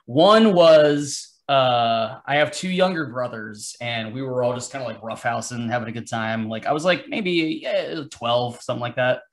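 A man's voice: mid-range voice, normal speed, few pauses. A man who is a podcast guest, chatting casually and rambling, with a self-deprecating streak and free swearing. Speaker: podcast guest, comic artist.

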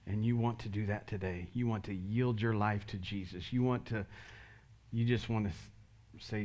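A man's voice: lowish voice, steady tone, normal speed, a little mellow. A male pastor giving an earnest sermon altar call, leading the congregation in prayer line by line. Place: church sanctuary.

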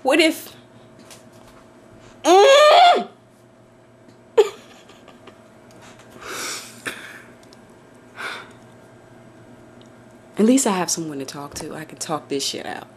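A woman's voice: low-pitched, big pitch swings, drawn-out words, long pauses, slight background noise. A woman vlogging to camera from her home office, swearing, laughing nervously and shrieking in fear. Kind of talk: casual vlog to camera.

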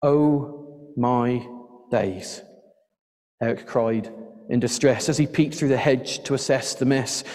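A man reads a rhyming children's story aloud during a church service, lively and playful in his delivery. His voice is warm and mellow. A long reverb from the church hangs on every line. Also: mid-range voice, normal speed. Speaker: church children's address leader. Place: church sanctuary.

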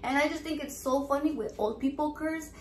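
A woman's voice: sits high, a little fast. Woman, casual vlog host, playful, profane, mixes in Spanish, echoey room. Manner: loud, profane and playful, switching between English and Spanish. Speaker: vlogger running a raffle. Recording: echoey room with faint background noise.

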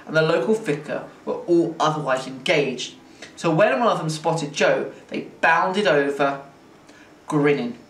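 A man reads a children's book aloud with expressive, playful narration, like a teacher at story time. The recording is roomy and distant, and a faint hiss runs underneath. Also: on the high side.

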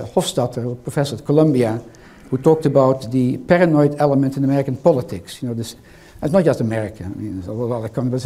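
In a hall, an older man with a foreign accent gives an interactive lecture, poking fun at the audience and quizzing them as he goes. His voice is mid-range and mellow.

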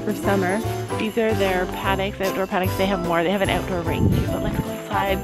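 A woman's voice: medium pitch, level tone, brisk. A woman in her thirties hosting a casual family vlog, upbeat and chatty, talking straight to her viewers while visiting a horse barn. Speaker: vlog host and mother. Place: horse barn, indoors and outdoors. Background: background music.

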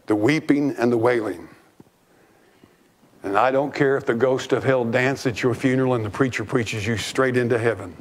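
This pastor preaches unhurriedly from the pulpit in a church, his voice mid-range. Fervent and emphatic, he keeps repeating phrases for added weight.

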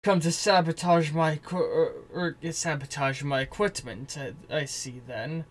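A man voicing a calm, scheming male scientist in a tabletop game, speaking slowly and quietly. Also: fairly high pitch, close to an everyday voice. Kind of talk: tabletop role-play voicing.

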